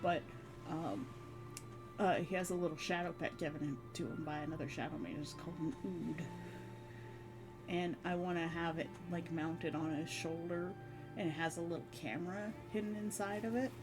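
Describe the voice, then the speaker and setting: A woman's voice: on the low side, steady tone, normal speed. A woman streamer chatting casually, rambling and laughing often between phrases. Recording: background music under voice. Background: background music.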